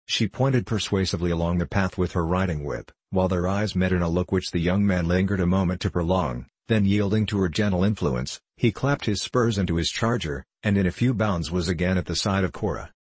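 A man reading a novel aloud as an audiobook narrator at a measured, even pace. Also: sits low, husky, no room sound.

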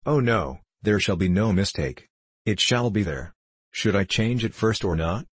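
A man's voice: fairly low pitch, animated, unhurried, no room sound. A man reading a fierce old bullying horse trainer. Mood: cowed. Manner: gruff and blustering. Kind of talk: audiobook character reading.

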